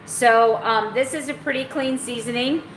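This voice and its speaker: A woman's voice: on the high side, normal speed, fairly bright tone, slight background noise. A woman casually chatting in a home vlog, bubbly and talkative, breaking into baby talk for her dogs. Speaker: keto vlogger. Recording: echoey room, mic at a distance.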